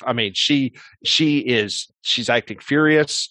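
A man at a middle pitch tells a long story as a guest on a sports talk interview. He rambles casually and leans on fillers and restarts, and the sound is close and dry. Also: a little slow, bright, forceful tone, no echo. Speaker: sports radio host, guest.

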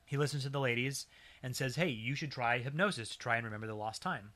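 A man's voice: mid-range voice, fast, bright, forceful tone. A man co-hosting a podcast, casually recounting a strange story with dry humor. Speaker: podcast co-host.

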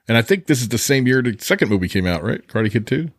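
A man's voice: medium pitch, big pitch swings, quick pace, no echo, clean studio sound. A man co-hosting a movie podcast, talking casually in an easygoing way and laughing often. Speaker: podcast co-host. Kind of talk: casual chat.

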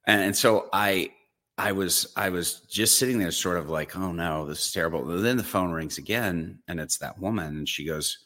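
Evangelist guest, male, very low voice; animated storyteller who acts out the scenes. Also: normal speed. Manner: lively storyteller acting out his own reactions. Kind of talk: storytelling in a podcast interview.

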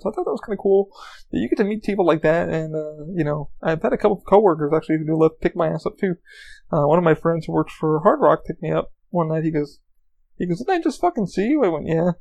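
A man's voice: on the high side, gravelly, a little mellow. A man hosting a podcast, telling stories in a casual monologue, swearing a lot and stumbling over repeated words. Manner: profane, repetitive, stammers on restarts. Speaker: podcast host.

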